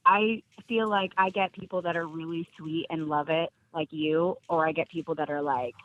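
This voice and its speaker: A woman's voice: deep voice, fairly even intonation, normal speed, dry recording. Bubbly actress lady chatting on a podcast, laughs a lot, kinda lo-fi radio sound. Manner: bubbly, laughs often, acts out quotes. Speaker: guest actress. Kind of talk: casual podcast chat.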